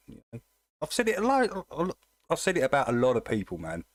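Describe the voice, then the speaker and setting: Blunt Essex bloke chatting on a livestream. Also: male voice, sits high, big pitch swings, fairly quick, no echo. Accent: Essex / North London English. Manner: blunt, rambling, chatty with viewers. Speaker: livestream host. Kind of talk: casual livestream chat.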